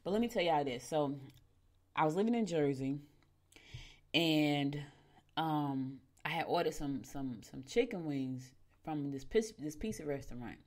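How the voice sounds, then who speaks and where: A middle-aged woman with a somewhat low voice who hosts a morning show in a chatty, familiar way. She keeps talking to her listeners as "y'all," and her pitch and loudness swing sharply as she gets into a story. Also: a little slow. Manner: animated, with sudden jumps in pitch and loudness. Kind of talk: casual storytelling and horoscope reading.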